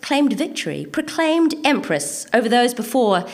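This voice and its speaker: A woman with an Antipodean accent performing her own spoken word poetry in a rhythmic, measured delivery with deliberate pauses, and chatting casually and hesitantly between pieces. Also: fairly high pitch, very animated. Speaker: poet reading her own work.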